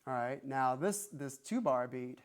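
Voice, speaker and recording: In a very noisy recording, a drum teacher with a medium-pitched, lively voice talks plainly and counts beats while he plays. He's unhurried, and the kit in the music room is loud behind him.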